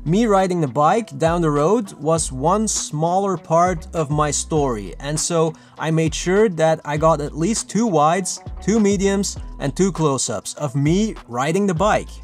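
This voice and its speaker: A man giving casual, lively filmmaking tips to camera, chatty and self-mocking. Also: fairly high pitch. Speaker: filmmaking vlogger. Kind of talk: casual tutorial talk to camera.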